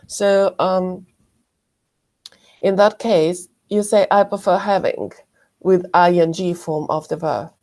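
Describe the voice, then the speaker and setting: A woman teaching an English grammar lesson, explaining slowly and carefully and correcting herself often. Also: fairly low pitch, warm tone. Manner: slow, careful explanations with frequent self-corrections.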